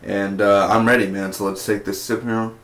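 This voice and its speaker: A man's voice: on the low side, little pitch movement, moderate pace, a bit bright, slight background noise. A man giving a casual, rambling spoken review of a TV episode, chatty and full of fillers and restarts. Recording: roomy echo.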